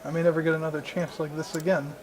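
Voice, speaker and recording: A man's voice: on the high side, flat delivery, fast talker, crowd noise, low-quality recording. A young man playing a video game, reading its dialogue aloud in playful, mock-dramatic voices and joking about his slips. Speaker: gaming channel host. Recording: game music playing behind.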